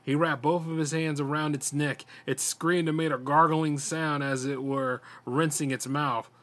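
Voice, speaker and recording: A man, a podcast host, reading a horror story aloud in a steady storytelling voice with small stumbles. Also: fairly high pitch, unhurried.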